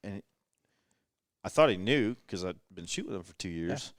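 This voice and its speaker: Deep-voiced man in his thirties, joking. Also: animated, moderate pace, dry recording, clean studio sound. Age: 30s. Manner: self-deprecating storyteller, joking. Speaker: podcast guest shooter. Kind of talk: casual late-night chat. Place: rental house living room.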